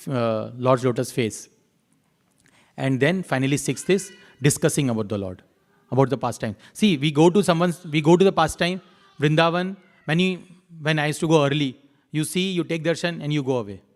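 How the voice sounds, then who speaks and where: A man giving a devotional temple class, chanting verses and telling stories in an unhurried way, repeating his key lines. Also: on the high side.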